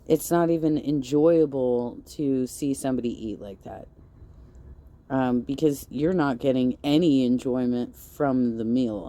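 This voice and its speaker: A woman's voice: very deep voice, dark tone. A woman hosting a reaction commentary, talking in a sarcastic, scolding way. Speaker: commentary host.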